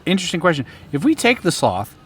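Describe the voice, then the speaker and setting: A man playing a tabletop game, excitable and laughing often as he describes his character's moves. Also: on the high side, fast talker, background noise. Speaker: player. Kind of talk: casual tabletop game play.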